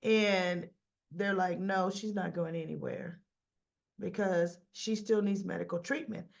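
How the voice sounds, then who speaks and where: A woman with a rough-sounding voice, casually recapping a soap opera episode and acting out the characters' lines with fillers and self-corrections. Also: lowish voice, steady tone, measured pace, muffled recording. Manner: chatty retelling with quoted dialogue, fillers and self-corrections.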